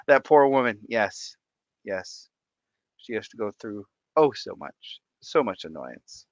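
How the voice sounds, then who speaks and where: A man hosting a casual livestream, excitedly reacting aloud to viewer comments. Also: fairly low pitch, slow pace, dry recording, highs cut off. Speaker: livestream host.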